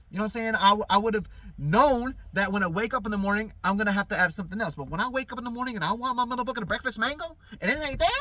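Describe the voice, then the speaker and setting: Man, high voice, casual vlog rant from a parked car, swears a lot, rambles. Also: expressive, very fast, sharp tone, dry recording. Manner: profane, heated, rambling with many fillers. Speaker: vlogger. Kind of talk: casual storytelling to camera. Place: inside a parked car at night.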